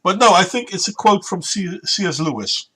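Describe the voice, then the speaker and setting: A man with a Dutch accent hosting a stream, debating politics in a measured, deliberate way. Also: high voice, animated, crowd noise. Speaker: stream host.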